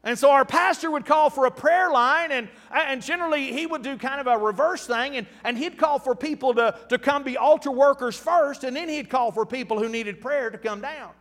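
A man in his fifties preaching a storytelling sermon, folksy and animated, with frequent restarts. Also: very high voice, moderate pace, few pauses, big-room sound. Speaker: pastor.

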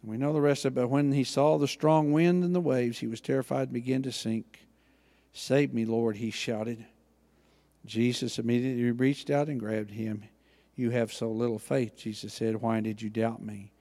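A man preaching a sermon, acting out Bible dialogue with lively emphasis. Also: mid-range voice, normal speed, big-room sound. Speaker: pastor.

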